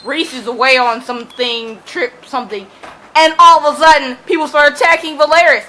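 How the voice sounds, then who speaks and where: High, bright, gushing young woman. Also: a little fast, a little hiss or hum, rough recording. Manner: gushing, dramatic, screams and laughs between run-on recaps. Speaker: book vlogger. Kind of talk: excited reading vlog recap.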